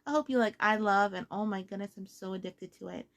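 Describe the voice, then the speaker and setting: A bubbly woman vlogger in her thirties chats casually with her viewers about crochet, giggling readily. Her voice is medium-pitched and gravelly.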